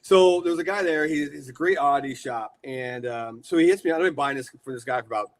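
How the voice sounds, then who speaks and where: A man in his forties from the United States, telling rambling, animated stories as a guest in a casual interview. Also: on the high side, fairly quick. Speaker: guest, horror shop owner.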